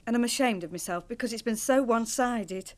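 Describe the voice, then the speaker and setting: A woman's voice: a little high, a little fast, close to an everyday voice. An actress playing a married woman breaking off an affair, emotional and hesitant. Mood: wistful. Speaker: actor in a TV drama.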